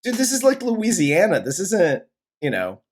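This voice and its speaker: A man's voice: high-pitched, huge pitch swings, moderate pace, faint music behind. A man co-hosting a casual movie review show. He talks in a laid-back, profane way and laughs often. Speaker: podcast co-host, movie reviewer. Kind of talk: casual chat.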